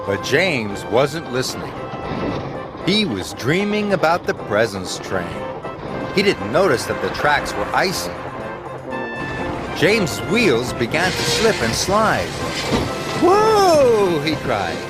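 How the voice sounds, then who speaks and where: A man reading a children's railway story aloud as narrator. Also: mid-range voice. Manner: slow, expressive storytelling. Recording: music underneath.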